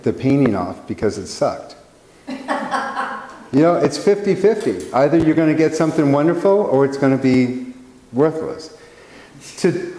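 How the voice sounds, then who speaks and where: A man's voice: medium pitch, dark tone. A man in his sixties teaching painting to a small live audience in a casual, rambling, self-mocking way. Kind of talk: casual talk to a live class. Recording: echoey hall with faint noise.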